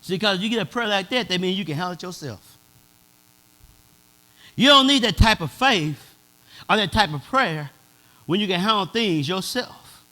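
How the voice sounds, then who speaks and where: High-voiced pastor man preaching, aave, gets shouty, real bright tone. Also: lively intonation, normal speed, long pauses. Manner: preaching in a dialect, swelling to shouts. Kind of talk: sermon.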